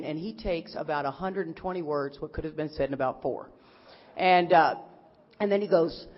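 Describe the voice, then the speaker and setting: Animated middle-aged woman telling stories in a hall. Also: on the low side, brisk. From Texas. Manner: animated, rambling, acts out quotes of others. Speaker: speaker at a recovery convention. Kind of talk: humorous personal storytelling talk. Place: large convention hall. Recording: echoey hall, dull lo-fi sound.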